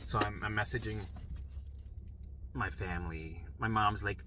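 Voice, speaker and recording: Bright-voiced man telling a frantic story. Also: fairly low pitch, a little slow, pauses often, rough recording. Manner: profane, animated, frantic retelling. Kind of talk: personal storytelling monologue.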